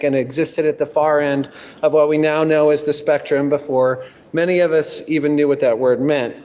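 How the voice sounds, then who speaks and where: A middle-aged man, a guest singer, giving an earnest introduction in a large legislative chamber, halting with frequent ums. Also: a little high, darkish tone. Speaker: guest singer leading a devotional. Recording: long hall reverb, faint music behind.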